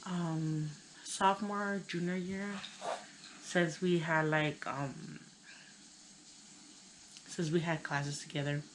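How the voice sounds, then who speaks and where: A woman in her thirties telling a personal story on her channel, tearful and halting, with many pauses and fillers. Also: sits low, fairly even intonation, a little hiss or hum, poor audio. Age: 30s. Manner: hesitant, halting, full of "you know". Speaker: vlogger.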